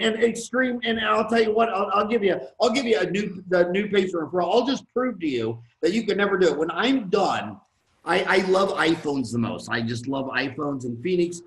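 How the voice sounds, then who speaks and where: A dentist in his fifties, a guest in a podcast conversation, telling blunt, animated stories and acting out what other people say. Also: sits high, rough recording.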